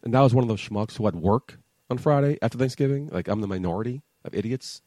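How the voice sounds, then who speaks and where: A man co-hosting a casual podcast, talking with a flat, monotone voice. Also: medium pitch, quick pace. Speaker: podcast co-host. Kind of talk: casual chat.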